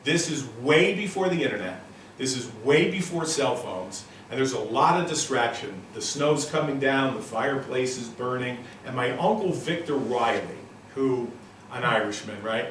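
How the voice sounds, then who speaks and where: A man in his sixties giving a live motivational lecture to an audience in a room, telling stories in an animated, punchy and emphatic way. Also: medium pitch, normal speed, a little hiss or hum. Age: 60s. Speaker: motivational speaker. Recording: very echoey room, voice from a distant mic.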